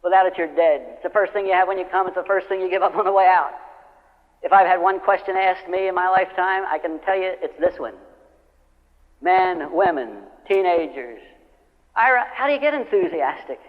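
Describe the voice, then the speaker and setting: A motivational speaker with a brisk, high-pitched, steady voice shares stories before a live crowd in a large hall, acting out the customers and friends he quotes. The speech survives as an old lo-fi recording with the hall's reverberation.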